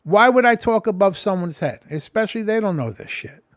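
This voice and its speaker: A man chats loosely to his camera, rambling and swearing freely. His voice sits high and swings widely in pitch. The sound is dry and close, with no room echo. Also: lively intonation, fairly quick. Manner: rambling, profane, chatty. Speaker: vlogger. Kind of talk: casual vlog talk. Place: home kitchen.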